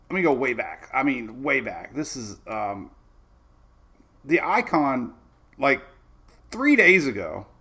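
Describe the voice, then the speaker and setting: Gravelly man rambling through a forecast. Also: mid-range voice, sharp tone. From Florida. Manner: loose and rambling, with fillers and playful asides. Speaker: weather host. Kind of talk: casual forecast talk over model maps.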